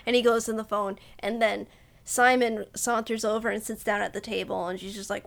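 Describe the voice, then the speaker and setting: A woman's voice: medium pitch, little pitch movement, a little fast, gravelly. A woman co-hosting a film podcast, casually recapping the plot and acting out bits of dialogue. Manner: recaps plot, acts out lines. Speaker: podcast co-host.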